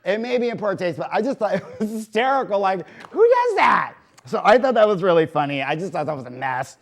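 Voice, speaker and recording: A man hosting a community TV variety show from a studio, talking in a gossipy, animated, casual monologue full of "like" and "you know". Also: sits high, fast talker.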